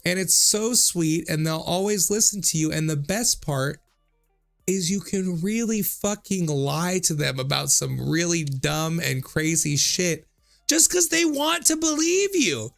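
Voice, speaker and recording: A man's voice: fairly high pitch, a little slow, vocal fry, faint music behind. A man in his thirties, a streamer reading out viewer comments in a casual, jokey way, swearing freely and often laughing.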